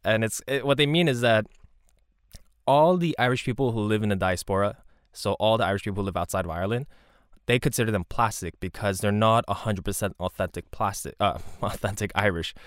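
A man's voice: deep voice, dry recording, clean studio sound. A man from Canada giving a rambling, conversational monologue with frequent asides and restarts. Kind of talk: casual monologue.

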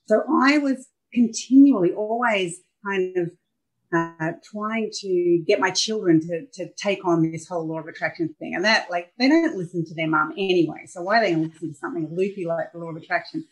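A woman's voice: fairly low pitch, brisk, low-quality recording. Candid middle-aged Australian woman storyteller. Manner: candid, animated storyteller who acts out scenes. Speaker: guest. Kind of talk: personal storytelling in a podcast interview.

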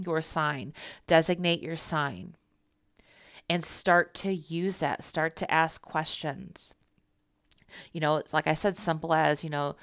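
A woman's voice: sits low, clear, resonant tone, dry recording, clean studio sound. A young woman telling a personal story and teaching about spiritual signs in an earnest, reassuring, conversational way.

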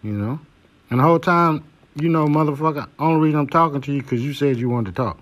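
A man's voice: a little high, steady tone, quick pace. Blunt, profane male podcast host. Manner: blunt, preachy, heavy cursing, repeats "you know". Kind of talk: profane monologue.

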